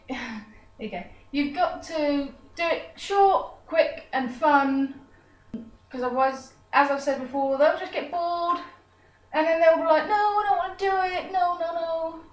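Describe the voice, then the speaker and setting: A woman teaching a dog trick in a chatty tutorial, breaking off to coo praise at her dog. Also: high voice. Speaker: dog trainer. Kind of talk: casual how-to tutorial. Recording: echoey room, voice far from the mic.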